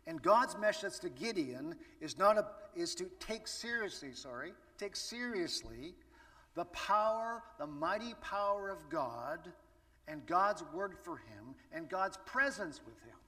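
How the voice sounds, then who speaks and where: Preacher, man, bright voice, chatty with rhetorical questions, heard from afar. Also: high-pitched, animated, measured pace. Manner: conversational, asks the audience rhetorical questions. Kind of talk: sermon. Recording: echoey hall from far off.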